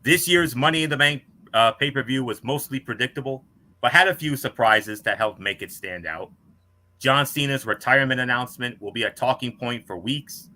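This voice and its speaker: A man co-hosting a wrestling podcast, reading out a scripted match review with star ratings in a measured way. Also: mid-range voice, sharp tone.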